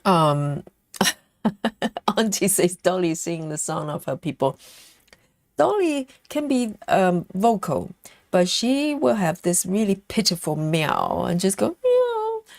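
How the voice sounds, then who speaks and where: A woman's voice: fairly low pitch, animated, unhurried, gravelly, no echo. A woman hosting a live stream in casual, chatty talk, reading out and answering viewer comments with frequent laughs.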